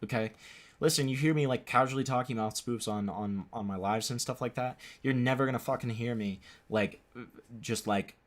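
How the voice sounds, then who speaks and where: A man's voice: medium pitch, brisk. Young guy on a live stream reacting to a clip, swears a lot, keeps repeating himself in disbelief.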